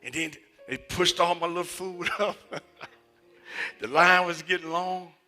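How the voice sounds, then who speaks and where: A man preaching a sermon and telling personal stories, moving between loud emphatic passages and hushed near-whispers. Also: high-pitched, fairly even intonation, unhurried, soft background music. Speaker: associate minister. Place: church sanctuary.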